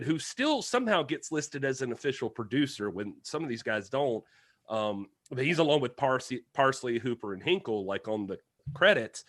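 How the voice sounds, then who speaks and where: A man's voice: medium pitch, no room sound, clean studio sound. A man co-hosting a podcast, talking casually and digressively, joking and laughing often. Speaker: podcast co-host. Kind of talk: casual chat.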